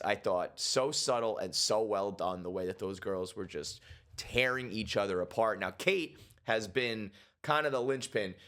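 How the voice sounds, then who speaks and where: This TV show reviewer, a man with a lowish voice, casually breaks down and reacts to an episode. Full of energy and swearing, he mimics the characters' lines in quick voices.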